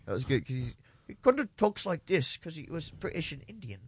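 A man's voice: fairly high pitch, sing-song, slightly rough, dry recording. Man rattling off prompts, laughing. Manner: pushy, laughing, rapid-fire prompts. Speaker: game leader calling out impressions. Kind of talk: casual chat among friends.

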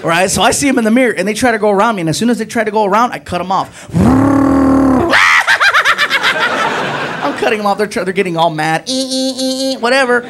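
A man doing stand-up who tells a story in an animated way and shouts out the voices of his friends. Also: high voice, rapid-fire, few pauses, heavy background noise. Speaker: stand-up comedian.

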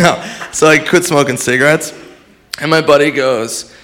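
A man doing a stand-up routine in a laid-back, deadpan way. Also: a little high, moderate pace. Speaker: stand-up comedian. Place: comedy stage before a live audience. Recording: live stage mic with crowd laughter and room noise.

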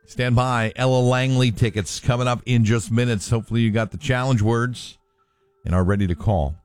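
A man's voice: mid-range voice, normal speed, darkish tone, smooth, dry recording, soft background music. A man hosting a morning radio show in a casual, chatty way, sometimes stopping to correct himself on how a word is said. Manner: chatty, self-correcting on pronunciations. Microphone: studio microphone.

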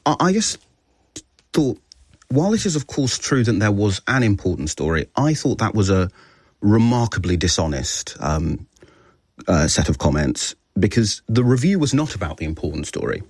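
A man's voice: lowish voice, normal speed, husky, dry recording. A man who is a journalist on a radio panel, arguing heatedly and cutting in to press his point. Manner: animated, interrupts forcefully.

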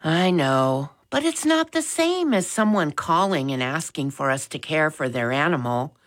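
A woman's voice: low voice, sing-song, unhurried. A woman voicing an eager, polite young boy in a children's story. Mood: earnest. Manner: eager, respectful.

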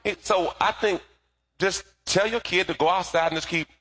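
A middle-aged man preaching a sermon, animated and calling on the congregation to repeat after him. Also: high voice, moderate pace. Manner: lively, animated preaching with call-and-response. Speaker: pastor.

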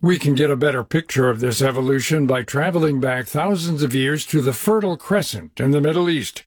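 A man hosting, reading scripted narration in a measured, explanatory way. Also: mid-range voice, dry recording. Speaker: host.

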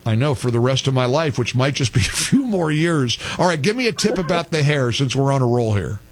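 A man's voice: medium pitch, lively intonation, fairly quick. A middle-aged man hosting a call-in radio show, exasperated and sarcastic, joking with his callers. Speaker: radio talk show host.

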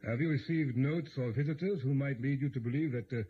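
A man playing a pompous, brisk police inspector. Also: medium pitch, slightly rough, lightly acted. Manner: commanding, pompous, impatient. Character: brisk, self-important male police inspector. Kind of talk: 1940s radio acting. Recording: dull old radio broadcast with faint hiss.

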